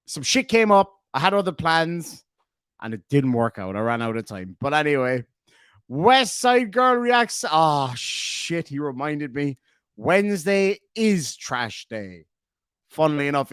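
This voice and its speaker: Man from Ireland, forties, livestream chat, lively swooping voice, dry close sound. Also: mid-range voice, clear, resonant tone, dry recording. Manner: animated, swearing, joking asides. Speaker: streamer reading live chat.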